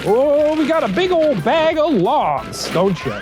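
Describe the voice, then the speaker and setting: A playful woman streamer chats and teases her co-host, her voice swinging lively up and down as she giggles. Music runs underneath throughout. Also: high voice, a little slow. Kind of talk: casual chat on a livestream.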